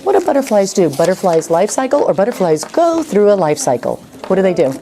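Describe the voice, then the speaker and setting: Woman, middle-aged, classroom teacher, brisk, coaxing, repeats prompts. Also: medium pitch, sing-song, warm tone. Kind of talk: classroom writing lesson.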